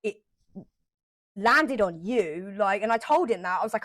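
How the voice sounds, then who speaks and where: A woman vlogger telling a personal story straight to camera, emotional and animated, repeating herself for emphasis and swearing now and then. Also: medium pitch, a little fast, no echo.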